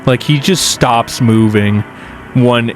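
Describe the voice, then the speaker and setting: Slow, profane, exasperated male reactor. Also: mid-range voice, soft background music. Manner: profane, exasperated ranting with frequent restarts. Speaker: video analyst reacting to a horror series. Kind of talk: casual reaction commentary.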